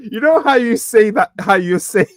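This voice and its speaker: A man's voice: high voice, animated, normal speed, dry recording. Man rambling with a dry close sound. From Britain. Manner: rambling, laughing often, restarting sentences. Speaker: podcast co-host. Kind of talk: casual chat.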